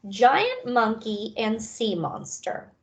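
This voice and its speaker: Woman reader, lively pitch, unhurried delivery, expressive storybook read-aloud. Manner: expressive, raising pitch for characters' lines. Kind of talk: audiobook-style read-aloud.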